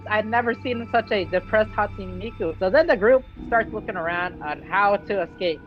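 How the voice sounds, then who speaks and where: A vlogger casually recapping a game's story in an excitable, slangy way. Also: medium pitch, brisk, hardly any pauses. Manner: excitable, slangy, acts out character quotes. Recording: dull lo-fi with faint music.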